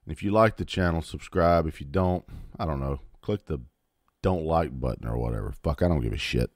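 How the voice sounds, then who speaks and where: Brisk and bass-voiced with a darkish tone, a man in his fifties hosts his own channel and rants defiantly about politics. Expect heavy swearing and sarcasm; the audio is clean studio sound with no room sound.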